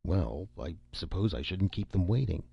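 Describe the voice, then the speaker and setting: A man voices a thoughtful older male scientist in a scripted audiobook, heavily acted, mild, academic, and politely insistent. His low, husky voice has vocal fry, lively intonation, and a moderate pace. The dull lo-fi recording has no room sound.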